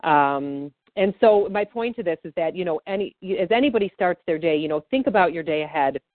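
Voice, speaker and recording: A woman's voice: on the low side, lively intonation, fairly quick, dry recording. A woman practitioner guiding a tapping session and chatting easily, with lots of fillers. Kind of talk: guided tapping and casual chat. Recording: tinny phone-like call audio.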